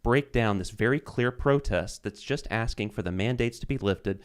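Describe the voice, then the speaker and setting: A man talking politics on a podcast panel. His voice sits at an ordinary middle pitch and gets animated as he builds his point. He often breaks into quick acted-out quotes. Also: clean tone. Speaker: podcast guest. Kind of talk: casual political talk show.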